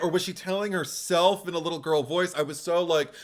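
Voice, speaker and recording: A man co-hosting a podcast in casual film talk, animated, acting out his own reactions in quoted asides and laughing often. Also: high-pitched, a little fast, few pauses. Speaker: podcast co-host.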